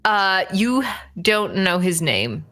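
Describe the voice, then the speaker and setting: A woman running a tabletop game, narrating in a halting way with many fillers. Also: on the low side, sing-song, a bit bright. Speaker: game master.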